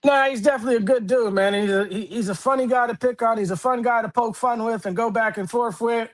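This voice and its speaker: A man's voice: very high-pitched, quick pace. A man with a Milwaukee accent co-hosting a casual sports show, slangy, jokey and laid-back. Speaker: podcast co-host.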